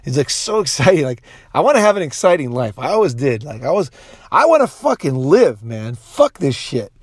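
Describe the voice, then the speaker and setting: A man's voice: on the high side, big pitch swings, normal speed, husky, dry recording. A man in a casual, profane monologue who rambles, restarts often and puts on voices when he quotes people. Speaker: commentator.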